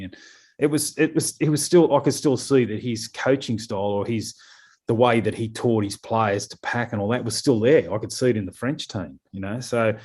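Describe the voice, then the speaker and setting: A middle-aged man with an Australian accent talks in a casual podcast interview. His voice sits fairly low. He rambles and circles back, with plenty of fillers and repeated words. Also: darkish tone, breathy edge. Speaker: guest, scrum coach.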